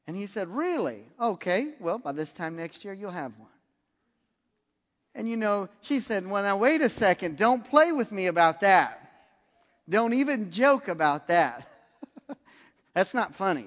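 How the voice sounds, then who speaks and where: A man preaching a sermon, retelling a story with lively acted-out dialogue. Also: sits high. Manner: animated, acts out dialogue in the story. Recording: long reverb of a large hall.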